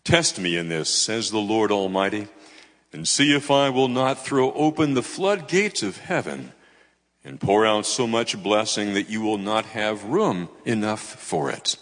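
A man, a pastor, reading scripture aloud and closing in prayer, with a measured, expressive delivery. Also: lowish voice, in a large hall.

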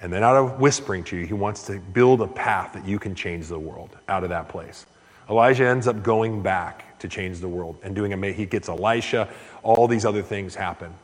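A man preaching a sermon as pastor, earnest, his voice rising and growing louder when he stresses a point. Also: moderate pace. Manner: earnest, surges louder and higher on key points. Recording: echoey hall with long reverb.

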